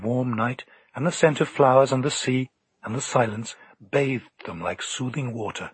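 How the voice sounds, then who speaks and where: A man narrating an audiobook in a calm, measured storytelling manner. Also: medium pitch, husky, no echo.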